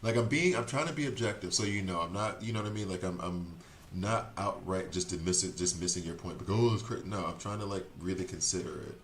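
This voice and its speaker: A man streaming a video game, chatting casually and rambling as he second-guesses his choices out loud. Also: low-pitched, quick pace, reverberant. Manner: chatty, rambling, self-correcting. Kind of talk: casual gameplay commentary.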